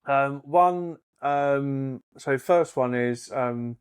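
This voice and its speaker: A man's voice: mid-range voice, very slow, clean tone. A man, co-hosting a podcast and telling rambling jokes with lots of hesitations. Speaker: podcast co-host. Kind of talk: casual chat, joke telling.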